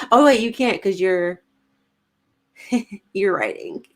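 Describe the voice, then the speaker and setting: A woman's voice: mid-range voice, huge pitch swings, extremely slow. A woman, co-hosting a casual livestream, chatty and giggly as she reads comments aloud. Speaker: podcast co-host reading live chat.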